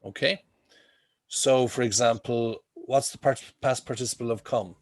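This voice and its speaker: Male teacher, mid-pitched voice, dry sound on a video call; explains patiently, checks in often. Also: steady tone, measured pace, no echo. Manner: explains with homely comparisons, checks in with frequent "okay?". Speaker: English teacher. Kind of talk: online class teaching.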